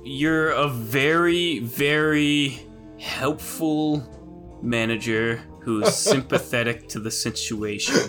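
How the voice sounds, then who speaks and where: Slow-talking male player. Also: mid-range voice, fairly bright tone, faint music behind.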